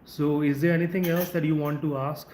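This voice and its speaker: A man with an Indian English accent teaching English in a live stream, speaking conversationally and drawing out words slowly to show word stress. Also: a little high, steady tone, a little mellow. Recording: echoey room with faint ambient noise.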